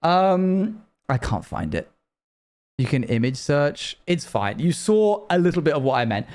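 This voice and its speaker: A man's voice: on the high side, big pitch swings, unhurried, darkish tone. Chatty rambling male game streamer. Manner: rambling, chatty, talks to viewers. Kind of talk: casual live-stream chat while gaming.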